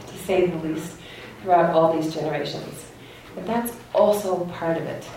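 A woman's voice: on the low side, darkish tone, recorded from a distance, a little hiss or hum. Woman teaching in an echoey hall. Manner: earnest, storytelling, laughs at own anecdote. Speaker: Torah teacher. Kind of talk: religious lecture. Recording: echoey hall, speaker away from mic.

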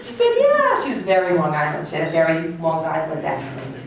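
A woman's voice: sits low, little pitch movement, fast, vocal fry, recorded from a distance. A middle-aged woman teaching a religious class, earnest and full of storytelling. Her voice carries in a very echoey hall and sounds set back from the microphone. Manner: earnest, storytelling, laughs at own anecdote. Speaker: Torah teacher. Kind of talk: religious lecture. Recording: echoey hall, speaker away from mic.

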